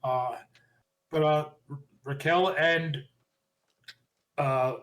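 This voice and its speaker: A man with a slightly high voice talks quickly and animatedly. He co-hosts a casual podcast and recaps the week's wrestling with strong opinions. He often acts out the lines people said. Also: steady tone, fairly bright tone, rough recording. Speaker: podcast co-host.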